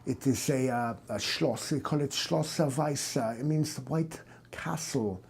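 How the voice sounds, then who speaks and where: Man doing a prim German head-doctor, formal and easily offended, gravelly low rasp, for a comedy audio drama. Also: takes it slowly, heavily acted. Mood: indignant. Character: pompous middle-aged German psychoanalyst man.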